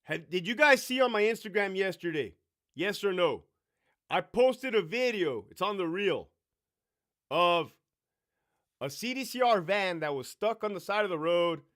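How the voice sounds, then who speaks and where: Middle-aged male streamer, brash and foul-mouthed, lively voice that swoops up and down, slightly high. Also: a little slow. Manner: brash, swearing, animated storyteller mimicking others. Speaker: livestream host. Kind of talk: profane live Q&A storytelling.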